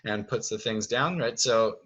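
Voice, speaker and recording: A man's voice: lowish voice, measured pace, fairly bright tone, breathy edge, dull audio. A man directing a stage musical, walking his cast through the staging in a casual, chatty video, checking in with "right?" and "okay?". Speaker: theater director.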